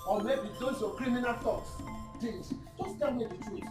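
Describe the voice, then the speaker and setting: A woman's voice: fairly high pitch, normal speed, reverberant, recorded from a distance, over music, natural voice. An actress playing a distraught village mother pleading with her son for the truth, with a Nigerian accent. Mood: anguished. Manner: anguished, pleading.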